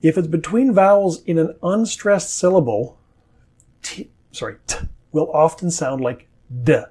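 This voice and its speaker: A man with a North American accent teaching English pronunciation, saying model words slowly and carefully. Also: fairly high pitch, warm tone, husky. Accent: standard North American. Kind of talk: scripted pronunciation lesson.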